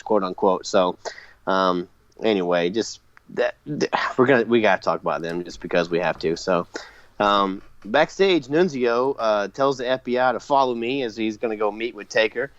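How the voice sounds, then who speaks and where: A man's voice: on the low side, no room sound, muffled recording. A man co-hosting a podcast, recapping eagerly in casual chat with lots of fillers. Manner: enthusiastic recapping with frequent fillers and laughs. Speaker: podcast co-host.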